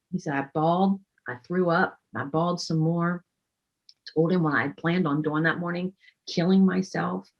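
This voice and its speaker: A woman's voice: fairly low pitch, lo-fi sound. Earnest woman telling a personal story.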